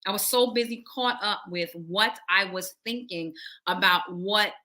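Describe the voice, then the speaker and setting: A woman preacher telling her testimony to a livestream audience, animated and acting out the conversations as she goes. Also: medium pitch, unhurried. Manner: animated storytelling that acts out dialogue and addresses listeners as y'all. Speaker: prophet and preacher.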